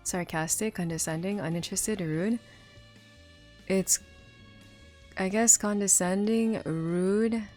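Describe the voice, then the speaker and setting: Over faint background music, a woman streamer talks loosely with her viewers, full of fillers, restarts, and frequent laughter. She speaks slowly with long pauses, in a medium-pitched, dark voice.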